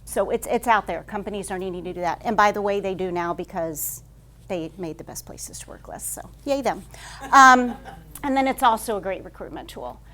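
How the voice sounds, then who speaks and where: A woman HR consultant giving a conference talk to a live audience, telling stories at a rapid clip with frequent fillers. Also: medium pitch. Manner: fast-paced, says she talks like an auctioneer; lively storytelling with frequent "um" fillers.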